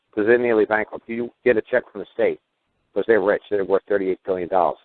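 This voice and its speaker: A man hosting a call-in radio show, talking in a rambling way and acting out little dialogues with sudden jumps in pitch. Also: fairly even intonation, fast, no echo. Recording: tinny phone-like radio audio.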